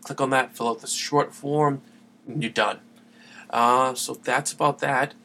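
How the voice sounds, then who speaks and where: A man's voice: medium pitch, fairly even intonation, a little slow, creaky, bright, forceful tone. A man hosting a gaming podcast, talking in a loose, chatty way with lots of fillers. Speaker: podcast host. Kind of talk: casual solo podcast talk.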